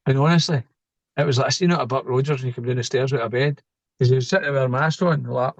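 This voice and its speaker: A man's voice: mid-range voice, fast talker, no echo, lo-fi sound. A middle-aged man, a podcast guest telling stories in a casual, joking way and laughing at his own tales. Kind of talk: casual storytelling interview.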